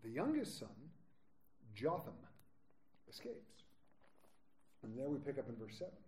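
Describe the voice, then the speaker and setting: A man leading a verse-by-verse Bible study, lively, with joking asides. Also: mid-range voice, a little slow.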